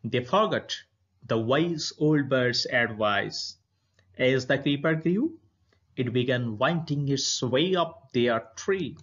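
A man with an Indian English accent, an English teacher reading a story aloud deliberately and then addressing his students. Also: mid-range voice, animated, fairly bright tone, lo-fi sound. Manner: clear, deliberate reading with stress and intonation.

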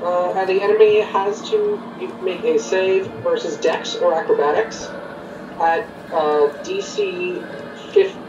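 Player on a far, roomy mic with music under it; lively pitch, halting delivery. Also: dull audio. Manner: hesitant, full of fillers, reads out rules. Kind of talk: casual tabletop game play.

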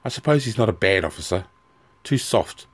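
A man's voice: fairly low pitch, animated, fairly quick, slightly rough. A man voicing a bitter, resentful Legion officer who sneers at nobles and kings.

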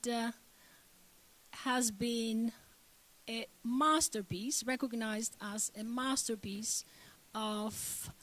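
A woman giving a formal introduction at a cultural event, speaking slowly and deliberately. Her voice sits somewhat high, and her words are carefully measured. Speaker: department chair introducing a speaker. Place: cultural center hall.

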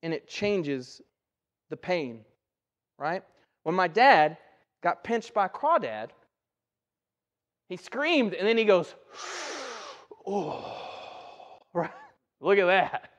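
A male pastor preaches a sermon in a church sanctuary, keeping it conversational and checking in often with "right?". His voice sits high and a bit bright, swinging widely in pitch, and he speaks slowly with long pauses.

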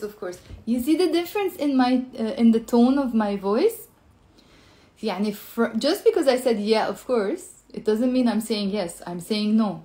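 A woman's voice: a little high, dark tone, reverberant. A woman with a Lebanese accent teaching a live Arabic lesson from home, mixing English and Arabic and acting out different tones of voice. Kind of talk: live-streamed language lesson. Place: home room.

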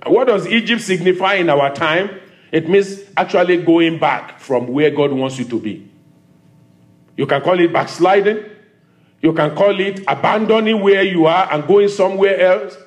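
High-voiced Nigerian pastor preaching. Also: male voice, moderate pace. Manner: preaching with call-and-response, repeating phrases for emphasis. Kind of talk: sermon. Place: church service.

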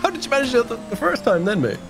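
A man's voice: very high voice, huge pitch swings, quick pace, gravelly. A man, laughing and teasing friends during an online game race. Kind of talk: rowdy group gaming chat. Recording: game music behind voice.

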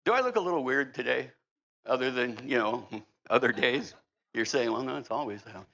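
A man's voice: mid-range voice, animated, normal speed, pushed and bright. A middle-aged male pastor preaching a sermon in a church, conversational and humorous. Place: church sanctuary. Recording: slightly dull, lo-fi church recording.

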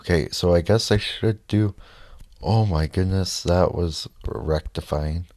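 A man giving casual gameplay commentary, reacting loudly to the race and muttering frustrated asides. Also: sits low, measured pace, dry recording, studio quality. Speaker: let's play gamer.

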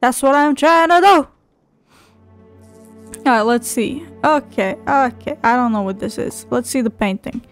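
A woman's voice: high-pitched, unhurried, pauses often, faint music behind. A woman playing a video game, swearing and giggling through sassy asides as she reads the game's dialogue aloud. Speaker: gameplay streamer. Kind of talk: let's play commentary, reading dialogue aloud.

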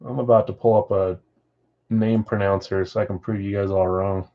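A man's voice: lowish voice, steady tone, normal speed, narrow, tinny audio. A man hosting a live card-break stream from home, chatting casually and reading viewer comments aloud. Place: house with a floor above.

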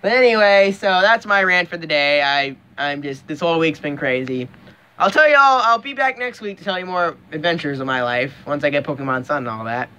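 Profane, animated young man ranting. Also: a little high, brisk, few pauses, smooth. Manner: profane and emphatic, with frequent restarts. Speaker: vlogger. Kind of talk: casual vlog rant.

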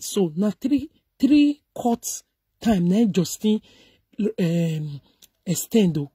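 A middle-aged woman with a Nigerian accent offers emphatic, preachy commentary as a social media commentator, blending Pidgin with English. Her medium-pitched voice is slow, sing-song, warm and husky, and the casual commentary is recorded dry at studio quality.

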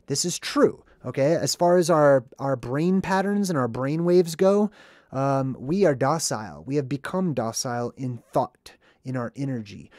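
A man's voice: mid-range voice, a little mellow, dry recording. Earnest male movie commentator, dry sound. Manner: earnest, emphatic, drawn-out stresses on key words. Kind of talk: casual commentary on a film.

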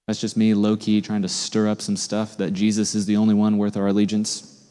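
A man preaching a sermon as a pastor, in a conversational, animated way, often asking his listeners questions. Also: on the low side, a little fast, clear, resonant tone, in a large hall. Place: church sanctuary.

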